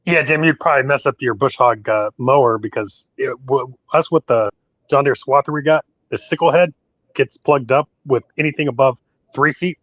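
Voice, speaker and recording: A man talking casually as a guest on a live stream panel, rambling in a relaxed way. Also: medium pitch, moderate pace, no room sound, highs cut off.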